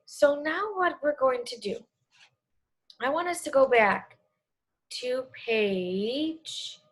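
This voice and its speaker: A young woman teacher leads an online reading lesson for small children. Her voice sits high and bright. She speaks slowly and clearly, with an encouraging tone. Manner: slow, clear and encouraging, talks to kids.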